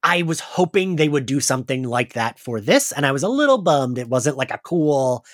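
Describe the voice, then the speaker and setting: Man, 30s, podcast host, congested, chatty, animated storytelling, medium pitch. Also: moderate pace, no room sound, studio quality. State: congested from crying. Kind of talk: casual chat.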